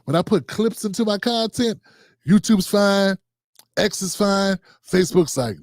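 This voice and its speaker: Giving casual shout-outs to commenters and wrapping up his livestream, a man speaks in loose, slangy chatter. His high-sitting voice is expressive and a little slow, captured dry with clean studio sound.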